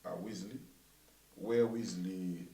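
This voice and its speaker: A man interviewing a minister, echoing his guest's words and pausing with many fillers. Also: low-pitched, steady tone, warm tone, far from the mic. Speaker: interviewer, church coordinator. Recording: echoey room, off-mic.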